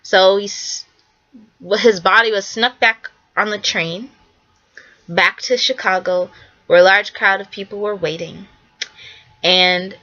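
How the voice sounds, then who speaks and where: Bright-voiced young woman, earnest and repetitive. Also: medium pitch, dull audio. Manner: earnest, repetitive, acts out quotes. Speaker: artist presenting her work. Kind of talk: casual spoken presentation.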